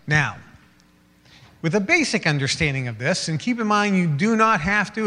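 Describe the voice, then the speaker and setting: A man delivers a motivational talk in a fairly high voice, slipping into quick acted voices to make his points. The sound carries a long reverb, as in a hall. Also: fairly bright tone. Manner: acts out little scenes in quoted voices, laughs along. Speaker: motivational speaker.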